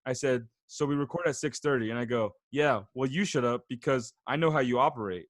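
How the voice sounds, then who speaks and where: A young man hosting a podcast, telling a story with laughter and reading text messages aloud in a flat, mocking voice. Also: mid-range voice, brisk, few pauses, no echo, clean studio sound. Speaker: podcast host. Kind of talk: casual chat.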